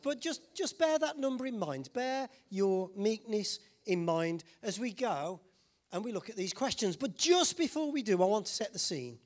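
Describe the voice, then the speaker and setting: A man preaching in a church, his voice sitting high and swinging widely in pitch. He keeps it light and jokey, teasing the congregation and pressing them with questions. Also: sing-song, normal speed. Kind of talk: sermon.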